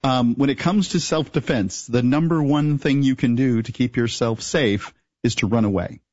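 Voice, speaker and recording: A man co-hosting a talk show, speaking in a measured, matter-of-fact way. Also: mid-range voice, a little mellow, dry recording, muffled recording. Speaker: co-host. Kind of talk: casual talk show advice.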